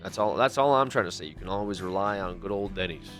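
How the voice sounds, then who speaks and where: A man's voice: sits low, lively intonation, fast talker, over music. A man livestreaming a game, talking loosely and jokingly to his chat, swearing and calling them dude. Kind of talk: casual gameplay stream chat.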